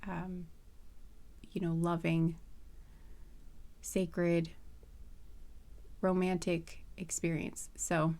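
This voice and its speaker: A young adult woman giving a casual tarot reading, rambling with many fillers and soft laughs. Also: on the low side, little pitch movement, drawn-out words, pauses often. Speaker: tarot reader.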